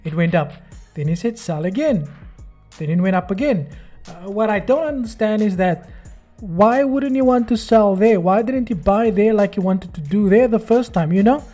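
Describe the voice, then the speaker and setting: A man's voice: high-pitched, normal speed, dark tone, soft background music. A man hosting a trading video, giving sarcastic, mocking commentary and acting out other people's voices. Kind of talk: screen-recorded commentary.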